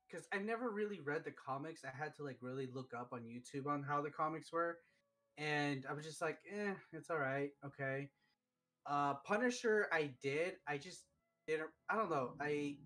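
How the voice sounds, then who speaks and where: A man hosting a live stream, chatting casually and telling stories excitedly, with lots of fillers. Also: fairly high pitch. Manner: excitable, animated storytelling with many fillers. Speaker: streamer host. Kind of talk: casual chat.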